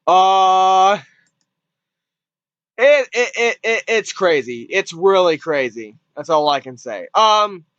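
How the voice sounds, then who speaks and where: High, bright-voiced rambling male reviewer. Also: lively intonation, slow pace, no room sound, muffled recording. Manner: rambling, repeats himself, swears casually. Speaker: movie reviewer. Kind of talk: casual spoken review.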